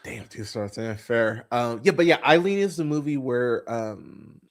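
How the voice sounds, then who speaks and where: A man's voice: medium pitch, sing-song. A man hosting a podcast, talking in a casual chat that rambles and swears freely, with lots of fillers and restarts. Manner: rambling, profane, halting with many fillers. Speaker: podcast host.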